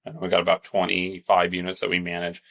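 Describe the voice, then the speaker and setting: A man's voice: low voice, completely flat delivery, fast, creaky, a bit bright. A man from California co-hosting a podcast, telling rambling stories in casual chat. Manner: rambling storytelling, laughs easily. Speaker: podcast co-host.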